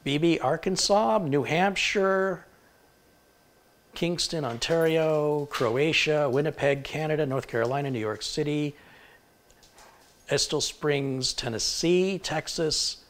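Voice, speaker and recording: A man from Michigan hosting a live tech stream, briskly reading out where viewers are tuning in from and stumbling over hard-to-pronounce names. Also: a little high. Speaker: tech livestream host.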